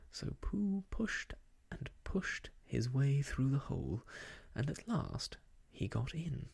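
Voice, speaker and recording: A storyteller reading an old children's book aloud in whispered role-play, slow and soft. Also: mid-range voice, big pitch swings, gravelly, husky.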